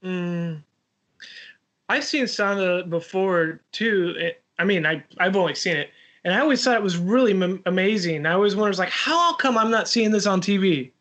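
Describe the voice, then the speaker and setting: A man hosting a casual interview, asking halting, hesitant questions. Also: high voice, expressive, a bit bright. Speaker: podcast host.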